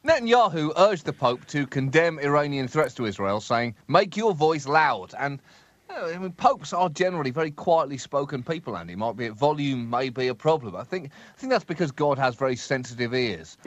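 A man co-hosting a satirical comedy podcast, delivering wry, deadpan asides with bursts of emphasis. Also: mid-range voice, brisk, no echo.

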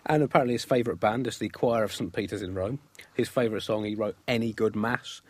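A man's voice: on the low side, quick pace, breathy edge, dry recording. Dry mock-formal male comedian. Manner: dry, mock-formal delivery of absurd jokes. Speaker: comedy podcast co-host. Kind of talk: satirical comedy chat.

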